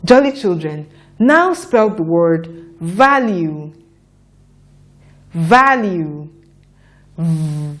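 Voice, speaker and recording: Slow, deliberate woman phonics teacher. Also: fairly low pitch, sing-song. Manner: slow, deliberate, repeats sounds for children to echo. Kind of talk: children's phonics lesson.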